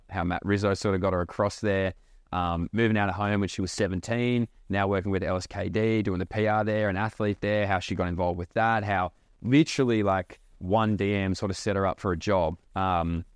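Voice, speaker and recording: A young Australian man rambling casually on his podcast, animated and swearing freely. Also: lowish voice, clean tone, dry recording. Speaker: podcast host.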